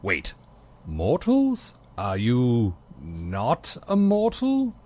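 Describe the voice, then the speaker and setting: Prim butler. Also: male voice, medium pitch, extremely slow, heavily acted. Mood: deadpan. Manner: formal, deadpan. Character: prim, dry-witted English male butler.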